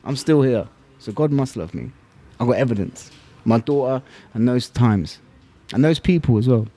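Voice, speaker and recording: A man's voice: mid-range voice, lively intonation, moderate pace, mellow. A middle-aged man, telling his story as a podcast guest, candid and blunt, heavy with slang and swearing. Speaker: podcast guest, former fighter. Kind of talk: emotional storytelling.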